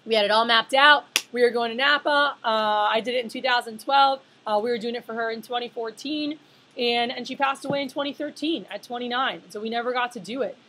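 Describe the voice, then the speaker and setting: Husky-voiced woman giving a chatty talk. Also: on the high side, a little fast, pushed and bright, rough recording. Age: 30s. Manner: chatty, filler-heavy, asks the room questions. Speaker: leadership speaker. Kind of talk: conference talk to a live audience.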